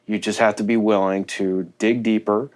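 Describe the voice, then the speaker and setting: A man with a lowish voice hosts a podcast interview. He sums up in an earnest, motivational way. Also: little pitch movement, moderate pace, a little mellow. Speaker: podcast host.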